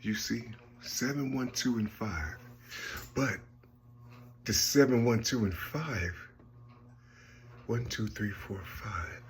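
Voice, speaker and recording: A man in a rambling personal monologue, halting and repetitive, often asking "you see?" and trailing off softly. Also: mid-range voice. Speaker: speaker sharing personal visions.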